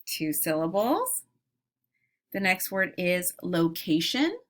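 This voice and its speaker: A woman teacher leading a phonics lesson for young children, modeling each word slowly and deliberately. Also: fairly low pitch, big pitch swings, a bit bright.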